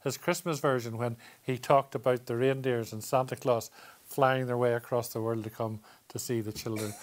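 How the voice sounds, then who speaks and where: A man's voice: mid-range voice, steady tone, moderate pace, a little hiss or hum. A man with a Northern Irish accent hosting a chat show, teasing his guests playfully. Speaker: talk show host. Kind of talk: casual chat show banter.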